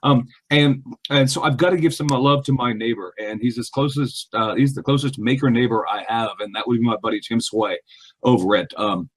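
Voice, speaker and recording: A man's voice: medium pitch, steady tone, fairly quick, slightly rough. A man co-hosting a casual podcast, talking animatedly with lots of ums, restarts and laughter over a remote mic. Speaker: podcast co-host.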